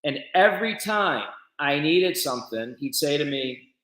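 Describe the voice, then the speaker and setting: Higher-voiced man telling stories in an echoey room. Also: unhurried. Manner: animated storyteller who quotes conversations. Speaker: business founder, guest. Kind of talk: casual storytelling interview.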